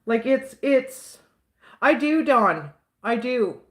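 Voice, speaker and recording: A woman's voice: fairly high pitch, lively intonation, takes it slowly. A woman with a Southern US accent chatting casually with her live viewers, outspoken and rambling, often repeating herself. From Southern United States. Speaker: livestream host answering chat.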